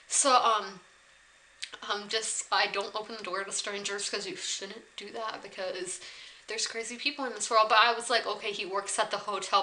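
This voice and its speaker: Chatty young woman with a bright voice. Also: medium pitch, rough recording. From South Carolina, USA. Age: 20s. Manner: chatty, rambling, many "like" fillers. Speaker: vlogger. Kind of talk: casual storytime vlog. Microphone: camera on tripod.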